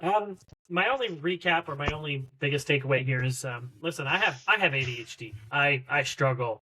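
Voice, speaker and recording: A man in casual podcast chat, telling candid stories with animated energy. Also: a little high, fairly quick, poor audio.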